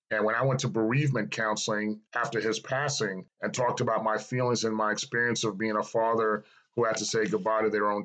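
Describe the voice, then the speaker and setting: A middle-aged man with a somewhat low voice tells his own story in a personal testimony. He speaks earnestly and reflectively and repeats key phrases for emphasis. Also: fairly bright tone, rough recording.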